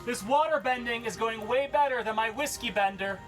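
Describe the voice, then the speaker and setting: A man's voice: very high-pitched, a little fast, a bit bright, soft background music. A man leading a live-streamed workout class, upbeat and cheery, cracking puns between exercise cues. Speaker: fitness instructor. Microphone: camera mic he adjusts.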